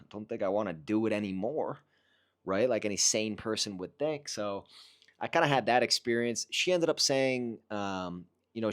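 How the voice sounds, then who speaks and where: A man with a somewhat low voice tells a personal story straight to camera. His delivery is earnest and reflective, casual rather than scripted, and he often breaks off to restart a sentence. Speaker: vlogger recounting a personal experience.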